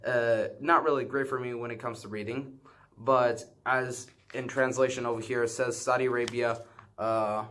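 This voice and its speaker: A man's voice: medium pitch, bright, forceful tone. A man casually showing his banknote collection on a vlog, rambling and hesitant, with many filler sounds, self-corrections and apologies for what he does not know. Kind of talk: casual show-and-tell.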